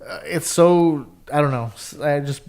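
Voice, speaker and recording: A man's voice: fairly high pitch, normal speed, gravelly, a little mellow. A man co-hosting a podcast, rambling casually about a show, trailing off and swearing often. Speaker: podcast co-host. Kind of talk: casual recap chat.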